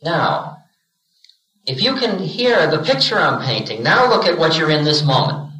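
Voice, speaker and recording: A man's voice: on the high side, big pitch swings, unhurried, pushed and bright, reverberant, low-quality recording. A man giving a spiritual lecture to an audience, telling it as a story and acting out the voices he quotes, with humor. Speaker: spiritual teacher.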